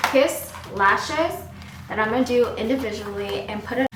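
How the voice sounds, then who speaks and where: Woman, high voice, chatty sassy makeup chat, far from the mic, clattering dishes behind. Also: reverberant, noisy background. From Houston, Texas. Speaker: makeup vlogger. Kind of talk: casual makeup tutorial chat.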